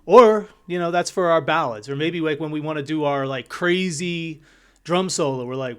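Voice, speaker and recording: Man, drum teacher, casual video lesson, upbeat and chatty, fairly high voice. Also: normal speed, fairly bright tone, clean tone, soft background music. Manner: upbeat, chatty, vocalizes beats and counts.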